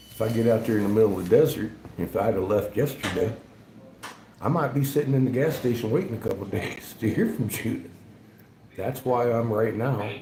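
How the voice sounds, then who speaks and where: A man's voice: lowish voice, vocal fry. A man, chatting casually on a livestream, rambling and chuckling often. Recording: echoey room, faint background noise.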